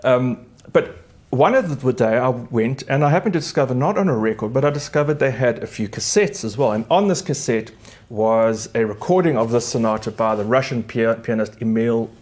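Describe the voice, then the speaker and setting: A middle-aged South African concert pianist hosts a live concert, chatting casually between pieces. His mid-range male voice moves at a normal speed, warm and reminiscing, with gentle restarts.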